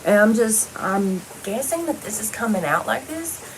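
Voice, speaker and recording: A woman's voice: on the high side, very animated, moderate pace, slight background noise, low-quality recording. Blunt, foul-mouthed woman rambling on. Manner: blunt and heavily profane, loose rambling talk. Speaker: vlogger. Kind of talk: casual personal monologue.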